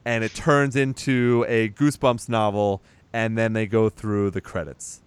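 A man's voice: fairly low pitch, steady tone, unhurried, smooth, no echo. A man in casual chat, recapping a movie as a podcast host, chatty and teasing, swearing now and then.

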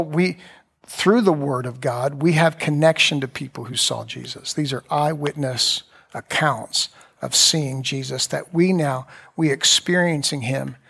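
A pastor preaching a conversational sermon, retelling scripture in a loose, talky way with asides. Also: male voice, a little high, gravelly, sharp tone, slightly rough.

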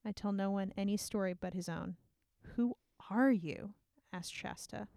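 A woman's voice: mid-range voice, measured pace, creaky, dark tone, no echo, clean studio sound. A woman chatting casually about a book with a friend, laughing often and reading passages aloud.

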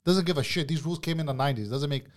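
A man's voice: fairly high pitch, rapid-fire. A man, a kitchen cook telling a work story as a podcast guest, blunt and profane, calling everyone "bro.". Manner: blunt, profane ranting, says "bro" constantly. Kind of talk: casual storytelling chat.

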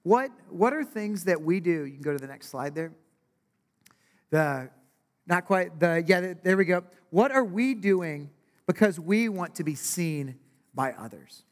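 This preacher keeps his sermon conversational, dropping in "right?" asides and dramatizing quotes. His high, animated voice moves at a measured pace, echoing with the long reverb of a big hall.

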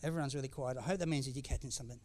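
A man's voice: medium pitch, very fast, a little mellow. A middle-aged man preaching a sermon as pastor, speaking candidly and conversationally with frequent restarts and asides. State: tearful at times.

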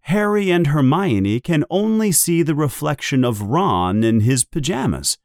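A man narrating a children's story in a slow, deliberate, expressive way. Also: a little high, dry recording, studio quality. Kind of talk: storybook reading.

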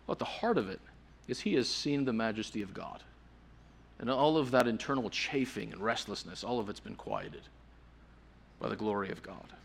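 An earnest male preacher delivering a sermon at a mid pitch. He leans hard on key words, then drops to a hushed, soft voice. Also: big pitch swings, normal speed, gravelly, slightly rough. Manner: earnest, swings from forceful emphasis to hushed softness.

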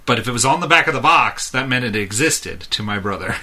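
A man's voice: mid-range voice, expressive, fairly quick, bright, forceful tone. A man in his thirties, a podcast co-host, telling a long rambling story in casual chat and chuckling often.

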